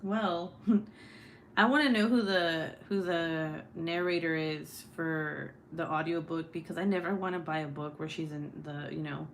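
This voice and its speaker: A woman's voice: low voice, fairly even intonation, normal speed, creaky, a little hiss or hum. A young woman hosting a casual book club live stream, chatty and often laughing as she reads viewer comments aloud.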